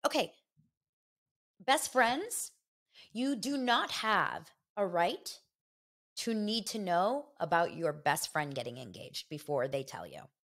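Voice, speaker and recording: A woman hosting a podcast, gossiping in a chatty, animated and opinionated way. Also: on the low side, slow. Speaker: podcast host. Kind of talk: casual gossip chat.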